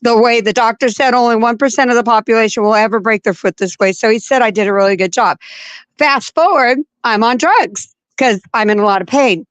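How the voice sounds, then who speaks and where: A woman telling a personal story in casual chat, animated and laughing as she acts out her own panic. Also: fairly high pitch, brisk, no echo.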